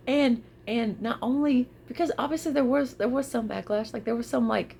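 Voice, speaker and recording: A woman vlogging casually to her viewers, expressive, often repeating her phrases and laughing. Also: on the high side, moderate pace, vocal fry, slight background noise. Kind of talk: casual talk to camera.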